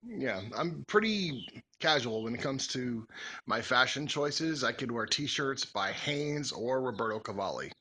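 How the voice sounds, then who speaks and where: A man's voice: medium pitch, lively intonation, unhurried, sharp tone, slight background noise. A man in his forties chatting casually as a vlogger, answering follower questions in a joking, rambling, folksy way. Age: 40s. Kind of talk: casual Q&A chat.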